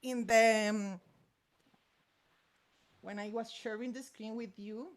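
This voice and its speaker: Drumming as she teaches, this Colombian woman, a native Spanish speaker, counts rhythms out loud with vocal syllables during a music master class. Her slightly high voice is slow and steady in tone, set against hand drums and percussion.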